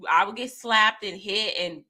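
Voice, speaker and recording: A woman's voice: medium pitch, measured pace, sharp tone. A woman, co-hosting a casual podcast, speaking candidly and reflectively. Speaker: podcast co-host. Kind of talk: casual chat.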